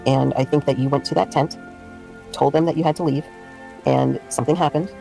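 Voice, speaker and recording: Angry woman ranting on her stream, swears a lot, mellow dark voice, faint music behind. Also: deep voice, steady tone, fairly quick, creaky. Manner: heated, profane, indignant ranting. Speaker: drama commentary streamer. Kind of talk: casual livestream commentary.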